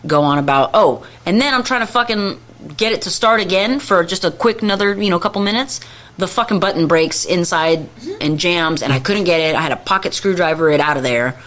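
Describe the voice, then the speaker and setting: A woman's voice: lowish voice, brisk, fairly bright tone. A woman co-hosting a podcast, telling a story in casual chat with constant swearing and exasperated venting, acting out her own past lines. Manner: profane, exasperated ranting. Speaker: podcast co-host.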